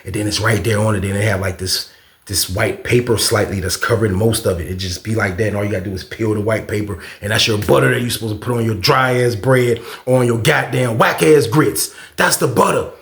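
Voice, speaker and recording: A man hosting a storytelling channel, telling a story in animated, profane street talk. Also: on the low side, fairly quick, creaky, reverberant. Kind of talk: casual storytime.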